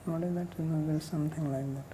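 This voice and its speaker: Low-voiced woman explaining scripture. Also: fairly even intonation, background noise. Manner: reads Sanskrit passages rapidly, then explains in plain conversational English. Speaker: teacher of scripture. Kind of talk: lecture on a Sanskrit commentary.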